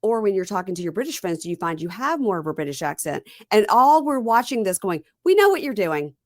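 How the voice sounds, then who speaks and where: A woman's voice: medium pitch, animated, fast, no echo. A woman hosting a podcast, chatting casually about reality TV and telling stories with quoted voices. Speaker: podcast host.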